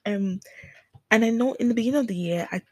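A woman's voice: a little high, fast talker, no echo. A woman in her twenties hosting a podcast, talking candidly and emotionally about a hard year, with frequent restarts. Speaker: podcast host. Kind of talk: reflective personal talk.

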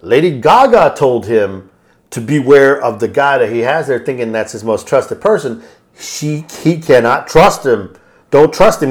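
Rambling man recapping a movie plot. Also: mid-range voice. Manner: rambling, loose storytelling with quick voiced quotes. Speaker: podcast host.

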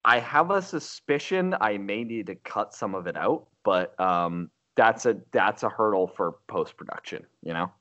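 A man's voice: lowish voice, lively intonation, normal speed, hardly any pauses, pushed and bright. Young man rambling in lo-fi podcast audio. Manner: rambling, giggly banter. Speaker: podcast co-host. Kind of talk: casual chat.

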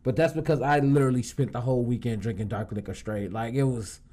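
A man's voice: mid-range voice, fairly even intonation, fast talker, mellow. A man co-hosting a casual podcast, trading loose, slangy banter and slipping into playful voices. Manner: laid-back slangy banter, drifts into voices and accents. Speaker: podcast co-host. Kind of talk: casual chat.

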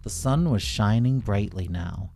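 Expressive male storyteller, mellow tone. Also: on the low side, unhurried, gravelly, soft background music. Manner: gentle, expressive reading with voices. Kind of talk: children's bedtime story narration.

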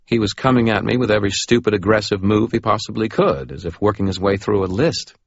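Low, husky male audiobook narrator. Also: fast talker, dry recording. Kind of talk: first-person audiobook narration. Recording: dull lo-fi recording.

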